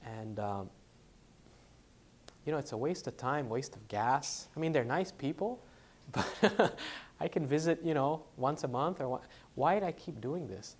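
A man's voice: mid-range voice, expressive, unhurried. A man preaching a sermon and telling a personal story, conversational and full of fillers, dropping to a near whisper for quoted lines and rising to stress a point. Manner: frequent fillers and self-corrections. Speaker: preacher, literature evangelist.

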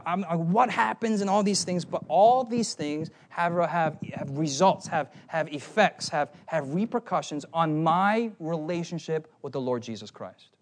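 A man delivers a sermon at a youth conference, animated and playful as he keeps calling out to the audience. His voice sits a little high for a man.

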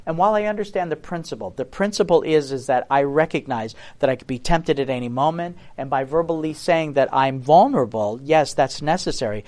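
This is a man giving a preaching testimony, his voice sitting a little higher than most men's. He speaks earnestly and with emphasis, often turning to the listeners with rhetorical questions. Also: brisk, few pauses, darkish tone.

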